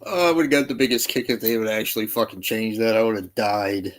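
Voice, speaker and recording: A man's voice: fairly low pitch, a little fast. A middle-aged man chatting casually, laughing often and swearing freely. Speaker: podcast co-host. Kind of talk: casual chat.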